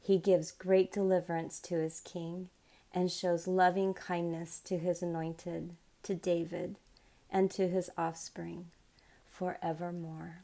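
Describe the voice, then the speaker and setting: A woman with a mellow, somewhat low voice reads scripture at a slow, unhurried pace. Her voice sounds a little worn, as if she is coming down with something. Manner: unhurried, measured reading; chatty and excited when speaking off the text. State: losing her voice from illness. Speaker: Bible reading channel host.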